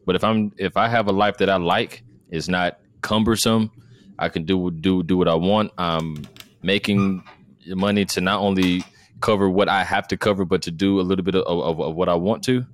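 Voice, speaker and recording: A man's voice: sits low, fairly even intonation, moderate pace, no room sound. A man from the United States in casual conversation, emphatic, asking rhetorical questions and repeating words.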